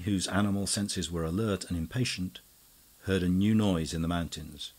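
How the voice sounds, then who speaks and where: A man narrating an audiobook in a measured, even storytelling manner. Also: deep voice, breathy edge. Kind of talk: scripted narration.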